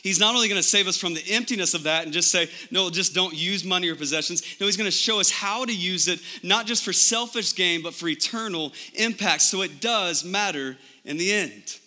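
A man preaching a sermon, talking conversationally with frequent "right?" and swinging from emphatic highs to quiet lows. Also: fairly quick, few pauses. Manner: animated preaching, rising to emphatic highs then dropping low; conversational, repeats words and asks "right?". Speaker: pastor.

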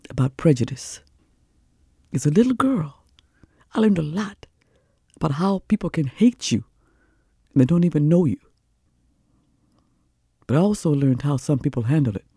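Husky, gravelly older woman storyteller. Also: deep voice, no echo, clean studio sound. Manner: animated, rhythmic, with repetitions. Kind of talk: oral storytelling performance.

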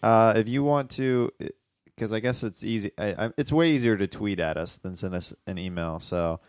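Laid-back joking man, lowish voice. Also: moderate pace, no echo, clean studio sound. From Midwest US. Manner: joking, laid-back, often restarts phrases. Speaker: podcast co-host. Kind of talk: casual chat.

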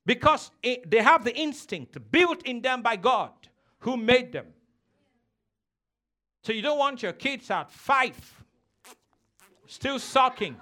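A man's voice: very high-pitched, expressive, slow pace, pauses often, pushed and bright. A man preaching a sermon as a pastor, emphatic and teasing, calling on the congregation to respond.

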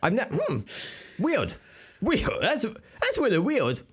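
A man's voice: high-pitched, huge pitch swings, slow pace, a bit bright, breathy edge, pitched above the performer's own voice, exaggerated voice. A man playing an airy, evasive billionaire playboy.

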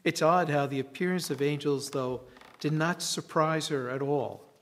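A man preaching a sermon in a reflective way, with long dramatic pauses. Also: a little high, fairly even intonation.

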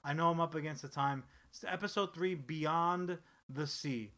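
A man with a slightly high, sharp and tense voice chats casually as a podcast co-host. He rambles through the story, swears freely and keeps restarting his sentences. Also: normal speed. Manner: rambling, profane, animated storytelling with frequent restarts. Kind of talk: casual chat.

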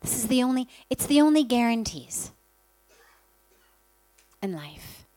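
A woman's voice: on the high side, big pitch swings, measured pace, no echo, low-quality recording. A woman spiritual teacher giving an earnest talk, telling stories and stacking up lists. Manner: earnest, gentle storytelling with many lists.

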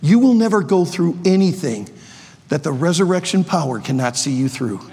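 A man in his sixties preaching an energetic sermon to students in a large auditorium, joking playfully and bursting into shouts. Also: fairly high pitch, normal speed. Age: 60s. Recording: long reverb of a large hall.

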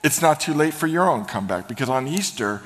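A man's voice: on the high side, lively intonation, fairly quick. A man preaching an Easter sermon in a church, telling stories with energy and laughing as he goes. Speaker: pastor. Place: church sanctuary. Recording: long hall reverb.

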